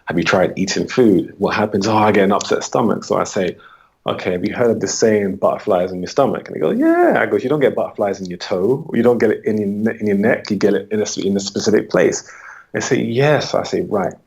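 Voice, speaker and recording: A man's voice: quick pace, vocal fry, breathy edge. A man from the UK, a holistic coach, answering interview questions and acting out his talks with clients. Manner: acts out client dialogue with rising pitch.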